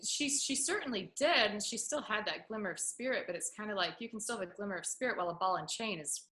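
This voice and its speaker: A woman co-hosting a casual film discussion, talking with passion and acting out characters in loud mock voices. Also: mid-range voice, lively intonation, fast talker. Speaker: film podcast co-host. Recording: roomy echo.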